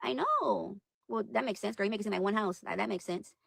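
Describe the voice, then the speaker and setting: A woman's voice: medium pitch, expressive, a little fast, vocal fry, a bit bright, no echo. A woman livestreaming casual chat to her viewers, rambling and exasperated, repeating herself as she talks. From United States. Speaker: livestream host.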